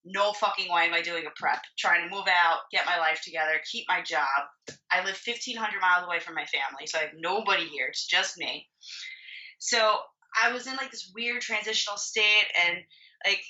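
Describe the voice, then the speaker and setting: A young woman with a bright, sharp voice tells her story in a loose, candid way, swearing freely and leaning on "like". She sounds set back from the mic, and the recording is dull and a bit muffled. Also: fairly low pitch, a little fast, distant mic. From Florida. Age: 20s. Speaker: podcast guest, bodybuilding competitor. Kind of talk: casual storytelling.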